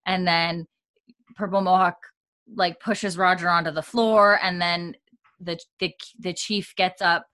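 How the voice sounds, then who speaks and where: Low-voiced woman, casual podcast co-host, rambling recap full of fillers. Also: fairly even intonation, unhurried, fairly bright tone. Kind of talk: casual chat.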